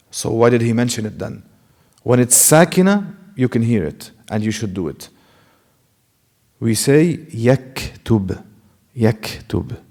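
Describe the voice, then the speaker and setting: A man's voice: medium pitch, mellow. A man who speaks Arabic as his first language teaches a tajweed lesson in English, correcting mistakes and repeating sounds to demonstrate them. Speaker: Quran recitation teacher. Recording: long reverb in a large hall.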